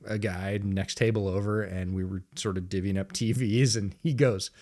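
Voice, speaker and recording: A man co-hosting a sports podcast, telling stories in a casual, animated way and laughing often. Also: sits low, moderate pace, hardly any pauses. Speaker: podcast co-host. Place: home studio.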